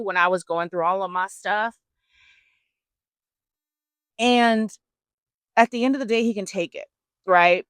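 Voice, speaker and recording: Chatty woman host with a smooth voice. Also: lowish voice, a little slow, long pauses, no room sound. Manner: animated, chatty, slangy asides. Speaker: podcast host. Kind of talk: casual faith-based storytelling.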